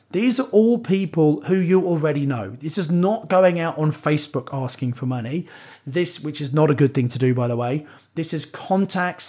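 A man's voice: a little high, darkish tone. A man giving an upbeat, persuasive step-by-step lesson on raising money from private lenders. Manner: upbeat, persuasive, stepwise instruction. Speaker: property investment coach. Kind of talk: instructional coaching talk.

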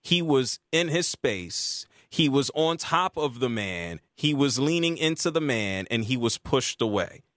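A man's voice: a little slow, few pauses, no room sound, studio quality. A man hosting a sports talk radio show, arguing his point with emphasis. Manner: emphatic, argumentative, lively pitch swings.

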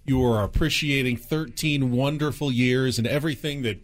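A man's voice: medium pitch, moderate pace. A man co-hosting a radio show, chatting in a supportive, easygoing way. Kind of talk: on-air banter.

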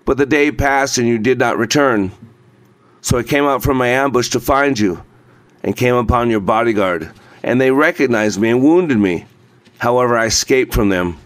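A man's voice: medium pitch, normal speed, close to an everyday voice. Man reading as a weak, wounded bearded man. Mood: confessing. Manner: weak, pleading. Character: wounded bearded man, repentant former enemy.

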